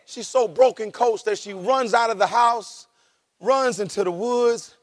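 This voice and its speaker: Preaching a sermon somewhat slowly, a rural American pastor relates the story energetically, laughing as he goes. His voice swings from shouts down to low tones.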